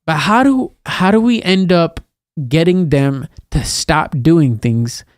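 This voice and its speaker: Speaking at a slow pace in a slightly high voice, this thirty-something podcast co-host chats animatedly about parenting. He raises his voice to play-act scolding a child. The recording is studio quality with no echo.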